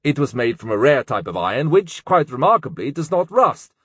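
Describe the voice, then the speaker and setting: A man's voice: medium pitch, big pitch swings, a little fast, breathy edge, dry recording, clean studio sound, voice pushed up. A man voicing an eager, bookish young male student in an audiobook, earnest in manner. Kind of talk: audiobook character voice.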